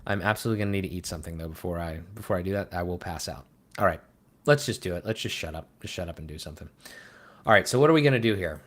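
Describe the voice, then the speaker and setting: Young man, somewhat low voice, rambling live-stream commentary, flustered, self-deprecating. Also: very fast. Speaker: web design streamer.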